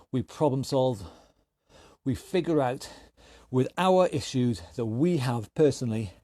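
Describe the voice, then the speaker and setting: Energetic fitness coach, dry sound. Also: male voice, on the high side, no echo. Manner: energetic, encouraging, calls out moves. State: slightly out of breath. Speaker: fitness instructor. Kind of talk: online workout class coaching.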